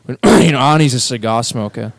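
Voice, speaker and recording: A man chatting loosely as a band member on a podcast. He rambles with plenty of fillers and swears offhandedly. His voice is mid-pitched, and the sound is dry and close. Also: brisk, no echo. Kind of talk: casual podcast chat.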